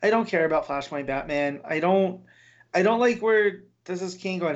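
A man with a slightly raised pitch giving his opinions in relaxed podcast banter. He sounds wry and sure of his views, and he stumbles and restarts as he talks. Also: moderate pace, highs cut off. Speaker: podcast co-host. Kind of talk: casual comic book chat.

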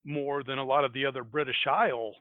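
A man's voice: medium pitch, fairly even intonation, fast talker, no room sound. An American man hosting a podcast in casual chat, rambling and laughing at himself as he retells a folktale. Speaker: podcast host. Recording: tinny phone-like dry sound.

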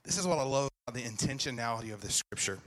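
A man, preaching a sermon at a brisk pace. He is animated, asking the congregation questions and throwing in playful asides. His voice sits at a middle pitch for a man. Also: low-quality recording. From Virginia. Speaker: pastor.

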